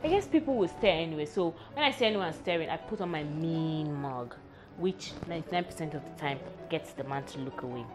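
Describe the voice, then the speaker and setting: A young woman talks straight to camera in a candid vlog, wry and self-mocking, her pitch bouncing up and down as she goes. Faint music plays underneath her voice. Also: expressive, a little fast. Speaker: vlog host.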